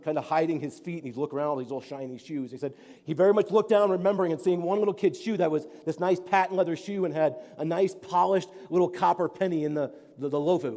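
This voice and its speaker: A man's voice: fairly high pitch, mellow. A man, preaching a sermon as a pastor and telling a story in an earnest, rambling way with many fillers. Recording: long hall reverb.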